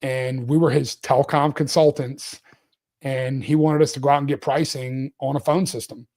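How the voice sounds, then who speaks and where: Animated man telling a rambling story. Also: medium pitch, moderate pace. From Louisiana, US. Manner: rambling, animated, laughs often. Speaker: CEO guest. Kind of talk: casual storytelling interview.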